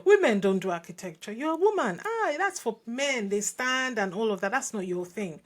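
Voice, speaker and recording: A woman's voice: on the low side, fast, warm tone, slightly rough. A woman voicing her dismissive older male uncle, who talks in a blunt, lecturing way.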